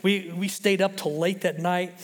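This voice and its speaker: High-voiced man telling a sermon story. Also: moderate pace. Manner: animated storyteller, acting out quoted voices. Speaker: pastor. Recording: long reverb of a large hall.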